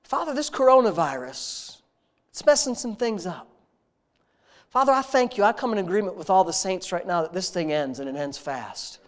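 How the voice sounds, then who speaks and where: A man's voice: high voice, lively intonation, normal speed. A man leading a congregation in spontaneous, heartfelt prayer, talking in an intimate, conversational way and repeating phrases of praise. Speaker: prayer leader.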